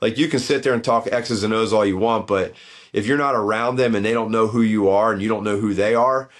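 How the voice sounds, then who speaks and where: A man's voice: lowish voice, fairly quick. A middle-aged man, a former football head coach, telling stories as a guest in a casual podcast chat. His voice jumps up when he acts out what people said. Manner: animated storyteller, voice jumps up in quoted bits.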